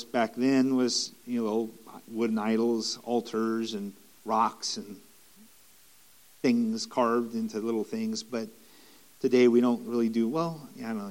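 A man's voice: on the low side, a little mellow. A man preaching a sermon in an earnest, repetitive way, with restarts and rising emphatic stretches.

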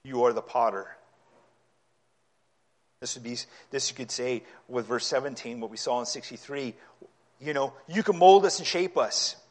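A man preaching a sermon, reading scripture aloud and explaining it, his delivery growing impassioned until he is nearly yelling. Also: mid-range voice, normal speed. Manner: impassioned, rising to yelling at times.

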